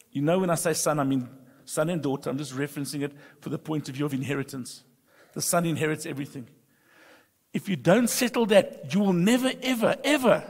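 Raspy high-voiced preacher. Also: male voice. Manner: emphatic, swings from soft confiding to loud outbursts; humorous storytelling. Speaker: pastor. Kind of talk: sermon. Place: church sanctuary. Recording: long reverb of a church hall.

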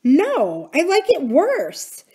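A woman's voice: high-pitched, wildly swooping pitch, drawn-out words, warm tone, voice pushed up, exaggerated voice. A woman reading as an anxious, earnest housekeeper. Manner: earnest, startled questioning. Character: anxious kindly middle-aged housekeeper woman. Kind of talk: reading a novel aloud.

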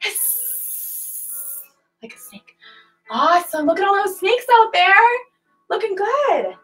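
A woman's voice: extremely high pitch, very animated, normal speed, fairly bright tone, low-quality recording. A woman in her twenties leading a children's yoga class over a livestream, playful and sing-song, barking and meowing along with the animal poses. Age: 20s. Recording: faint music behind the voice.

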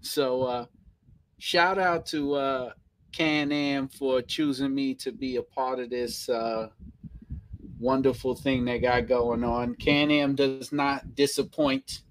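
A man with a thick New York accent hosts a casual live stream in a medium-pitched, steady voice at a slow pace. He chats playfully, reads viewer comments aloud, repeats phrases, and chuckles often.

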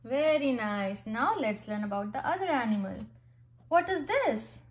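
Slow, patient high-voiced mother. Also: animated. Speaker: mother teaching her child. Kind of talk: reading a picture book with a child.

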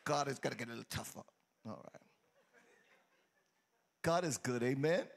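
A man, preaching a lively sermon and calling out to his congregation in a teasing, sing-song way. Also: medium pitch, normal speed, gravelly. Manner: exuberant, teasing, sing-song, calls out to the crowd. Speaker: pastor. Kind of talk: lively church sermon with congregation call-and-response. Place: church sanctuary with congregation. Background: faint crowd of churchgoers.

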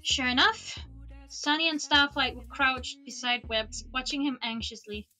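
A woman streamer reading a book aloud in a relaxed way, dropping small casual asides. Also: high-pitched, measured pace, soft background music. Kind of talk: storybook read-aloud.

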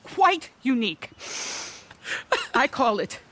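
A prickly, self-important lady fossil hunter in a western video game. Her voice is bright and crisp and leaps up and down as she scolds and lectures, huffing old-fashioned insults. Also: on the high side, sing-song, slow, heavily acted. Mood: lecturing. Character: eccentric indignant female amateur paleontologist.

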